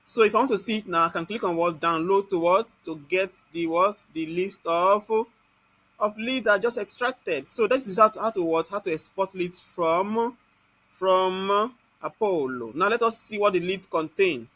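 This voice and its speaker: A man with a Nigerian accent leads a live online software class. He keeps asking the class "what?" and then answers it himself. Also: sits high, normal speed, no room sound. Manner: scolds students in Nigerian Pidgin.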